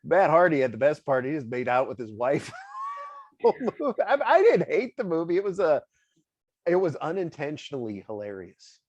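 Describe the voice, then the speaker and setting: A man's voice: fairly high pitch, big pitch swings, moderate pace, dry recording. Laid back interview host guy, laughs a lot, dry muffled audio. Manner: chatty, laughs often, swears. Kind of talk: casual interview chat.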